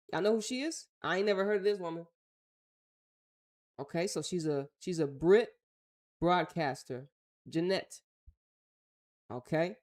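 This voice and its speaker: A woman's voice: lowish voice, darkish tone. A woman with an American accent hosting a casual talk show, reading news aloud and reacting bluntly in slangy, offhand remarks. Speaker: host.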